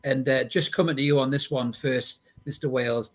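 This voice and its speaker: A man's voice: mid-range voice, fairly even intonation, moderate pace. A man hosting a casual football podcast, bantering bluntly with mild swearing and leading the discussion. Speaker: podcast host.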